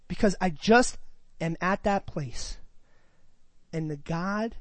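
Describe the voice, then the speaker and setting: Guy preaching a sermon, kinda high voice, dry close sound, keeps asking the crowd stuff. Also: slow, pauses often, a bit bright, dry recording. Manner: emphatic, addresses the congregation with questions.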